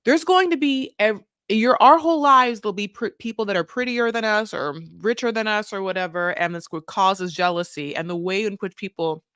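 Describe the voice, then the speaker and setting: A woman's voice: medium pitch, a little fast, hardly any pauses, a bit bright, smooth, no echo, studio quality. A woman co-hosting a casual reality-show recap podcast, delivering opinionated run-on rants with casual swearing. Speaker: podcast co-host.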